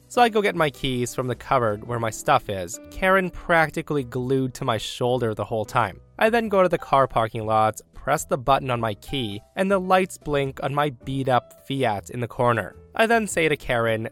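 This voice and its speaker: A man hosting and narrating online stories in a chatty, sarcastic, animated way. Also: medium pitch, normal speed, few pauses, faint music behind. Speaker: host narrating reddit stories. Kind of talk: storytelling narration.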